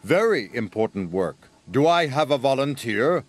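A man voicing a brisk, businesslike middle-aged railway boss who speaks formally and matter-of-factly. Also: medium pitch, big pitch swings.

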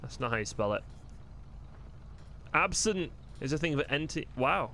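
A man's voice: on the high side, expressive, a little slow, pushed and bright, a little hiss or hum. A man streaming a role-play game, chatting casually and thinking aloud, often poking fun at himself. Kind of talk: casual commentary while playing.

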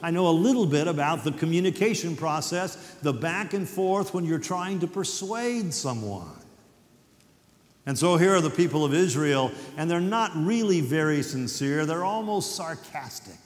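A middle-aged man giving a chapel sermon, earnest and conversational, reading scripture with dramatic pauses. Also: on the high side, lively intonation. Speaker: university president speaking at chapel. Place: large hall. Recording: echoey hall, distant at times.

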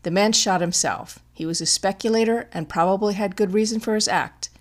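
A woman reading an audiobook, voicing a young society woman detective who speaks in a measured, firm way. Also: mid-range voice, natural voice.

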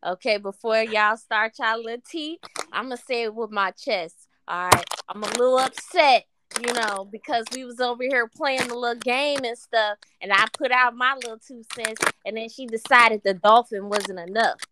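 A woman's voice: on the high side, moderate pace, background noise. A woman in a live app room voicing a playful complaint with plenty of swearing. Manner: playfully aggrieved, profane. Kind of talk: casual live-stream complaining.

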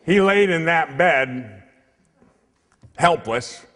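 A man's voice: fairly high pitch, extremely slow. A priest giving a comic, storytelling sermon in church, acting out the people in his tale. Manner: animated, comic storyteller who acts out the other people in the tale. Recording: long hall reverb.

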